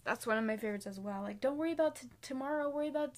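Chatty earnest teenage girl, slightly high. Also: very fast, few pauses. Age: late teens. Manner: chatty, many "like" fillers, self-correcting, earnest. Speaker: faith encouragement vlogger. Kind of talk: casual devotional chat with scripture reading.

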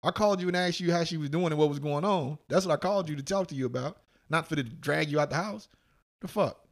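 Animated profane man telling a story. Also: a little high, quick pace. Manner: animated, profane, voices other people in quotes. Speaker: podcast co-host. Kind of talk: casual storytelling chat.

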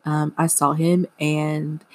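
A woman's voice: low voice, flat delivery, slow, a little mellow, soft background music. A woman imitating her annoying teenage self, gushing about a crush with breathless filler. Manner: breathless, valley-girl filler.

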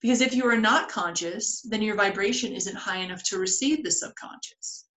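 A woman's voice: mid-range voice, moderate pace, fairly bright tone. A woman co-hosting a spiritual podcast, explaining ideas step by step in casual chat. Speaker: podcast co-host. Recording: roomy echoey audio.

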